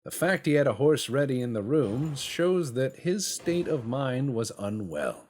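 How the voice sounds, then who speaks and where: A man's voice: mid-range voice, sing-song, a little slow, darkish tone, a little hiss or hum, pitched above the performer's own voice. A man putting on a pompous documentary narrator. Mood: mock-grave. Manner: mock-serious, declaiming.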